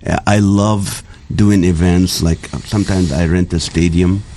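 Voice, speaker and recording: A middle-aged man from the Middle East chatting casually, telling animated jokey stories with laughter. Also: deep voice, unhurried, slight background noise. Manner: animated storytelling with jokes and laughter. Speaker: guest comedian. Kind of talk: casual chat.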